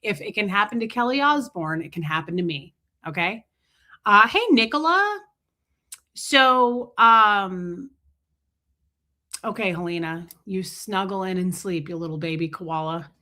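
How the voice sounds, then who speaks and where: A woman's voice: medium pitch, animated, unhurried, bright, forceful tone. A woman hosting a live stream, telling a story in a casual, jokey way, acting out both sides of a talk and greeting her viewers as she goes. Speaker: livestream host.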